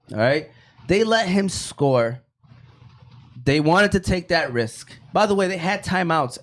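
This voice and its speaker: A man hosting a casual fantasy football show, reading viewer questions and breaking down plays in a rambling, animated way. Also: fairly high pitch. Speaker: fantasy football podcast host.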